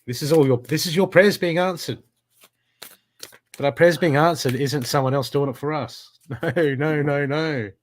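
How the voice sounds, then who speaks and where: A man's voice: a little high, normal speed, slight background noise. A man giving a live spiritual card reading, talking in an emphatic, repetitive coaching way. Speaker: intuitive card reader.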